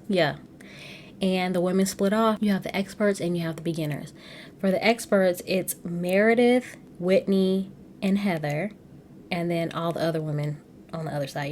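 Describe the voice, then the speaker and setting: A woman's voice: on the low side, a little mellow, slight background noise. A woman hosting a podcast, recapping a reality show in casual, gossipy chat and often laughing. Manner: chatty and gossipy, laughs often, addresses listeners as y'all.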